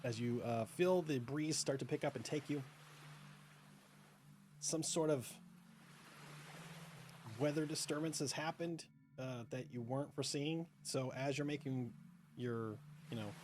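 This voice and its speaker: Relaxed man narrating a tabletop game. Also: medium pitch, noisy background. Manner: relaxed, descriptive, many fillers. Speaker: game master.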